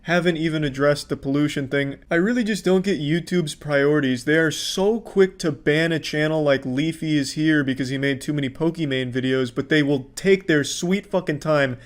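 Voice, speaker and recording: Deadpan, crude male online commentator. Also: fairly high pitch, normal speed, few pauses. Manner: deadpan, flat-affect delivery; blunt and crude. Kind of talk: casual profane commentary.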